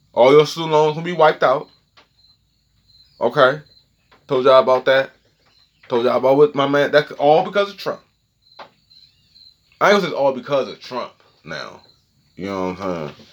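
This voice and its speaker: The sound is lo-fi, and the man's voice falls in the mid-range. He's the host of his own podcast, ranting loosely and profanely from his home setup, staying animated and constantly asking listeners "okay?".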